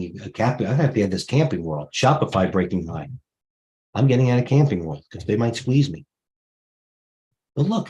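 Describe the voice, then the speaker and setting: Middle-aged male trading host, brash and blunt, rattles off tickers live to viewers. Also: on the low side. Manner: blunt, jumpy, talks to viewers directly. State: out of breath. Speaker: stock trading livestream host. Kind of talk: rapid-fire live market commentary.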